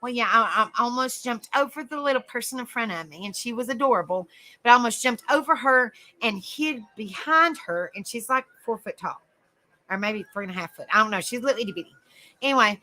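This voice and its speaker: A woman hosting a livestream, chatting to viewers and telling a rambling, animated story. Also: on the high side, normal speed, low-quality recording. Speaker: livestream host. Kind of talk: casual live-chat storytelling.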